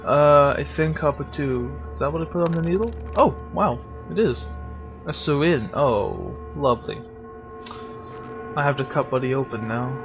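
A man's voice: fairly high pitch, normal speed, highs cut off. Jumpy swearing young man gaming. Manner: jumpy, swearing, frightened outbursts. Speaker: let's player. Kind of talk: casual gameplay commentary. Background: game music.

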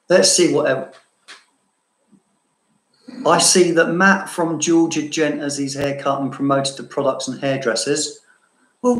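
A man from southeast London with a London accent softened by Cambridge, chatting casually and self-mockingly to viewers as he answers their questions, laughing often. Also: medium pitch, roomy sound, low-quality recording. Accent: London with a bit of Cambridge. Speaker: fragrance vlogger.

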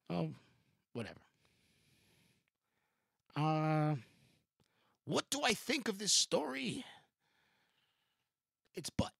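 A man hosts a podcast in a rambling, loose way, full of restarts, fillers and swearing. His voice is gravelly, and his pitch swings widely. The sound is dry and close. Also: fairly bright tone, no room sound. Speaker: podcast host. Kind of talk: casual rambling commentary.

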